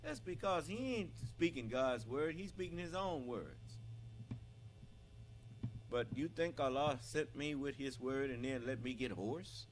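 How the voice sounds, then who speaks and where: A man preaching on a live broadcast, speaking loudly and climbing into fervent shouting, pausing now and then to clear his throat. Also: medium pitch, expressive, a little hiss or hum. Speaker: religious leader.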